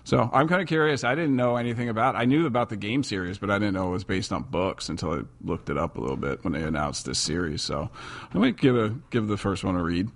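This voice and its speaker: American guy, casual podcast co-host, low gravelly voice, rambling. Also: lively intonation, fast talker. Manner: rambling, self-mocking. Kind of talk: casual chat.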